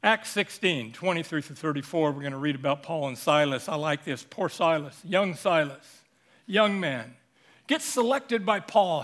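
A man preaching a sermon, animated and full of rhetorical questions put to the congregation. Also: a little high, normal speed.

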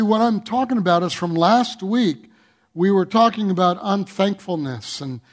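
A man preaching a sermon as pastor, earnest and pleading, with emphatic swells and scripture read aloud. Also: sits high. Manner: reads scripture aloud slowly.

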